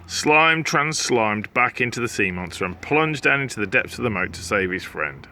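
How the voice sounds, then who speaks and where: Teacher, man, children's story read-aloud; bright, animated, playful with sound effects. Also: medium pitch, moderate pace, hardly any pauses, slight background noise. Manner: playful, acts out sound effects, jokes with listeners.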